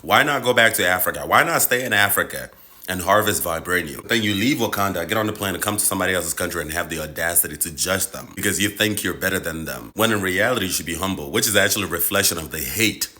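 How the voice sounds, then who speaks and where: Man, deep voice, forceful edge, fiery profane monologue, repeats himself for emphasis. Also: quick pace. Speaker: social media commentator. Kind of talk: impassioned direct-to-camera rant.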